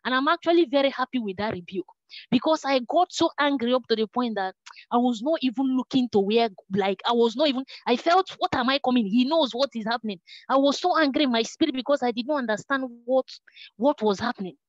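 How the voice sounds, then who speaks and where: A woman's voice: high-pitched, animated, quick pace, dry recording, lo-fi sound. A woman preaching a sermon, earnest and repetitive, praying aloud between points.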